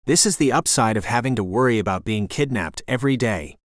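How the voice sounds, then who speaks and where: A man voicing a wealthy young woman who speaks sincerely and gently. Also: mid-range voice, lively intonation, fairly quick, no room sound, clean studio sound, natural voice.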